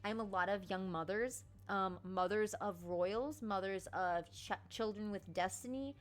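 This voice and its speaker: A woman's voice: mid-range voice, unhurried. A young woman voice actor chatting casually on a game stream, laughing often and swearing now and then. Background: faint game music.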